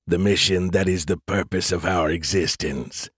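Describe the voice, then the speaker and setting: A man voicing a cold, menacing male alien AI that speaks in a slow, mechanical way for an audiobook. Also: deep voice, fairly even intonation, a bit bright, slightly rough, dry recording, clean studio sound, pitched below the performer's own voice.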